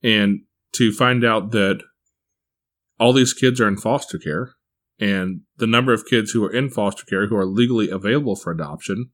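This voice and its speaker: A man with a slightly low voice talks through his family's path to adoption in a plain, steady, conversational way. He is from Missouri and speaks like someone recalling things aloud. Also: normal speed. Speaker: adoptive parent sharing his story. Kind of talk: casual personal storytelling.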